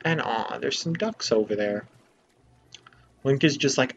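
A man's voice: lowish voice, steady tone, measured pace, muffled recording, a little hiss or hum. A young man giving let's play commentary in a playful, jokey, mock-exasperated way. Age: young adult. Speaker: gamer.

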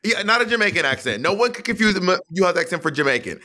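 A man co-hosting a podcast, chatting casually, teasing his co-host and telling stories with drawn-out phrasing. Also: high-pitched, sing-song, pushed and bright. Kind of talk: casual banter.

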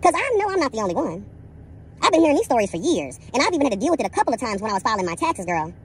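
A woman's voice: on the high side, big pitch swings, rapid-fire, slightly rough. A woman telling a story as a casual vlog rant, sassy and profane, dramatic, calling the listener "girl" again and again. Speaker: vlogger.

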